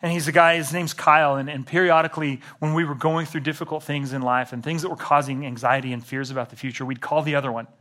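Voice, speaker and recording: A young man delivers a sermon in a bright, forceful voice pitched a little high. He swings from emphatic, raised passages to hushed, almost whispered lines. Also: steady tone, fast, few pauses. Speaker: pastor.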